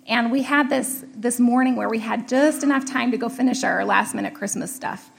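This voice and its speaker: A woman's voice: a little high, normal speed, gravelly, slightly rough. A middle-aged woman telling a personal story in a casual way, laughing often and acting out what was said. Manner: laughing often, animated retelling of dialogue.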